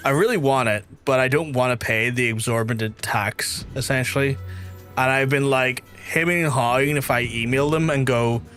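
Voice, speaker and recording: A man with a Northern Irish accent talks through a gaming stream in a middle-range voice, rambling from one gripe to the next. He slides into exasperated mock rants, with soft game music playing faintly underneath. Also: medium pitch, moderate pace. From Northern Ireland. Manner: rambling, exasperated ranting with mock-outraged quoted asides. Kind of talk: casual gaming-stream chat.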